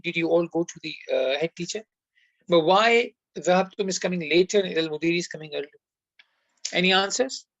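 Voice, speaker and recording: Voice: medium pitch, no room sound, highs cut off. An Arabic teacher giving an online class lesson, who explains step by step, quizzes the students and sprinkles in devout phrases.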